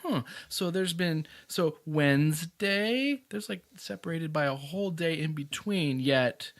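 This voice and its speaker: A man in his thirties co-hosting a podcast in casual chat, ranting with big swings in loudness when annoyed. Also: on the high side, expressive, a little slow. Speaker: podcast co-host.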